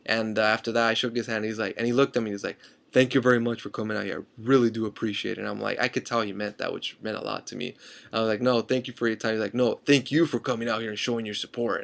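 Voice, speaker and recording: A young man rambles eagerly through a fan story for his vlog, stumbling over restarts and fillers. His delivery is quick, and his voice has a gravelly edge. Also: lowish voice. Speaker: fan vlogger.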